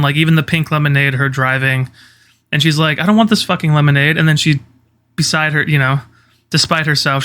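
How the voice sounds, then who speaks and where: Bright, clear-voiced man chatting casually. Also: on the high side. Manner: chatty, profane, quotes scenes with animated impressions. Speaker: podcast co-host. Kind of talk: casual chat.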